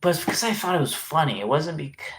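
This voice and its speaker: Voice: medium pitch, animated, fast, fairly bright tone, a little hiss or hum. A livestreamer chatting casually and reading out chat messages, rambling with many restarts and frequent swearing. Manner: rambling, self-interrupting, reacting to chat messages; swearing freely.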